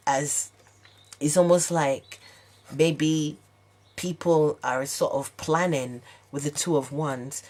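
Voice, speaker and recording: A woman's voice: sits low, a little mellow. A woman giving an unscripted tarot reading, hesitant and searching, with many fillers and restarts. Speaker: tarot reader.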